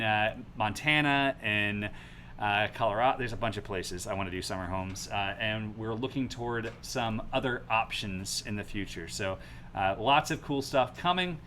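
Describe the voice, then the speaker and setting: A man's voice: medium pitch, fairly bright tone, a little hiss or hum. A man hosting a casual aviation livestream, upbeat and reading viewer names from the chat. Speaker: livestream host.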